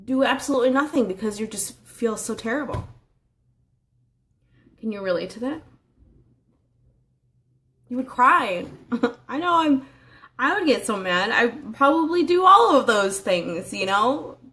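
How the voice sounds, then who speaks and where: A woman's voice: on the high side, animated, measured pace, pauses often, pushed and bright. A woman giving a casual motivational training talk as a life coach, earnest and conversational, asking the listener rhetorical questions.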